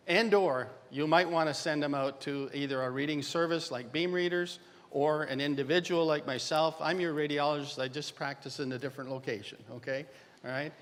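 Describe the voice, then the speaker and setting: A man's voice: a little high, a bit bright. An older man from Canada giving a joking dental radiology lecture, wry and self-mocking, chatting with the audience. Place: large conference hall. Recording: reverberant conference hall.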